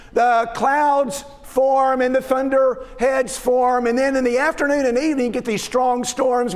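A man preaching a sermon as pastor, in a conversational, folksy way with chuckling asides. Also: extremely high pitch. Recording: long hall reverb.

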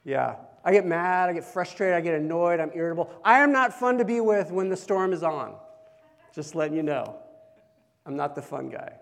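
A man's voice: on the high side, lively intonation, moderate pace, gravelly, a bit bright, faint music behind. Man preaching a chatty sermon in a reverberant hall. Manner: conversational, asks the congregation questions. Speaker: pastor.

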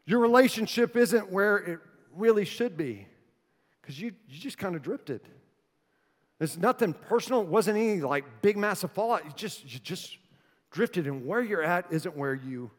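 A man with a high voice preaches a sermon to his congregation, easygoing and joking but turning earnest. His voice rings out with the long reverb of a church hall. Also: a bit bright. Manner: conversational, joking, then earnest. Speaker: pastor. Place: church sanctuary.

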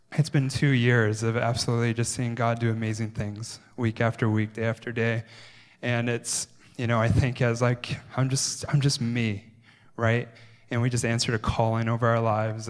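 A man who is the church's pastor speaks to his congregation from the stage, emotional and rambling, restarting his phrases. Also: mid-range voice. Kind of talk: sermon-style address. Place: church sanctuary.

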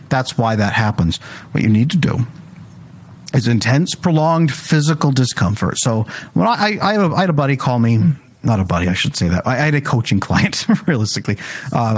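A man, a coach, explaining his method in a casual conversation, acting out the people he quotes. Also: medium pitch. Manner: animated storytelling, acts out quoted voices.

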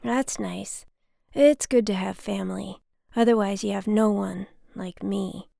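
A woman's voice: medium pitch, steady tone, measured pace, gravelly, warm tone, dry recording, studio quality. Lonely man at a bus station, as a woman puts him on. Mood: wistful.

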